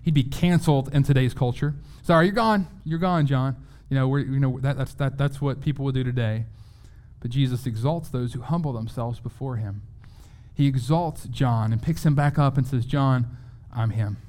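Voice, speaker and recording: A man preaching a sermon in an earnest, conversational way, often restarting his words and slowing down to read scripture aloud. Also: mid-range voice, mellow. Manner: reads scripture aloud slowly. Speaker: pastor.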